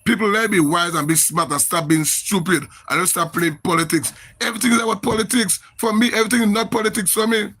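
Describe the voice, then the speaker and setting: High, forceful Grenadian man ranting. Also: quick pace, few pauses, husky. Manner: emphatic, repetitive, exasperated ranting. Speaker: social media livestreamer. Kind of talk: live social media rant.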